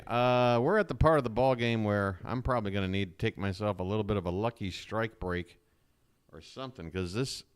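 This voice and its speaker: A man calls a baseball game live for his stream, rambling between pitches and jumping up when a ball is hit hard. His voice sits low and comes through smooth and clear. The sound is dry and close, with no room around it. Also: no echo. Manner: chatty, rambling, excitable on big swings. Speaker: fan play-by-play streamer. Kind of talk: live baseball play-by-play and commentary.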